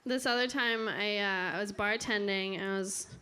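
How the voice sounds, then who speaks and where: A woman performing a stand-up comedy set in a comedy club, with a deadpan, self-deprecating delivery. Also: mid-range voice, normal speed, clean tone. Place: comedy club stage with live audience. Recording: noisy club room audio. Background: audience laughter.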